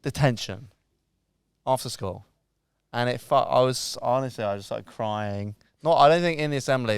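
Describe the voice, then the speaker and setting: Gravelly man telling stories. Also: medium pitch, a little fast, no echo. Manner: sweary, self-mocking storyteller. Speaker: podcast co-host. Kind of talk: casual chat.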